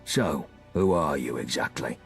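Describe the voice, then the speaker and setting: Brief: sly London gang boss, very low husky drawl, played by a man, faint music behind. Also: animated, measured pace, heavily acted. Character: smooth-talking male London gang leader.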